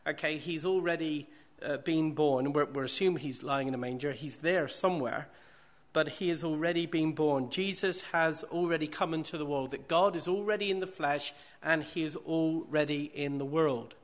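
A man's voice: fairly high pitch, normal speed. A man preaching a sermon, repeating phrases for emphasis and posing rhetorical questions to the congregation.

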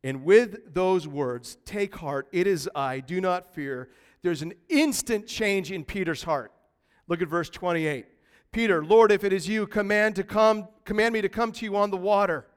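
Man, pastor, lively conversational sermon, high-pitched, long church-hall reverb. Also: measured pace, smooth. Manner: lively, conversational preaching with big swings in loudness. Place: church sanctuary.

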